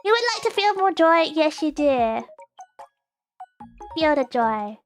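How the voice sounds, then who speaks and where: Very high-pitched giggly woman streamer. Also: very animated, takes it slowly. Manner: giggly and teasing, laughs often; playful stammering restarts. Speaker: live-stream host. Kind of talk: casual live-stream chat. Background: faint background music.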